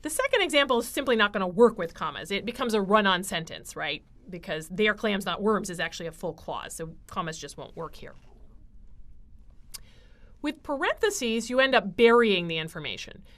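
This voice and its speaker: A woman giving a writing lecture, explaining clearly with frequent fillers. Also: medium pitch, big pitch swings, moderate pace, fairly bright tone. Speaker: writing instructor.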